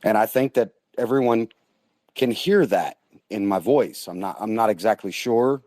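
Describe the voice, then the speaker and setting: A male caller on a radio show from the United States, rambling and halting, repeating himself. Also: fairly low pitch, expressive, a little mellow, no echo. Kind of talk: call-in radio talk.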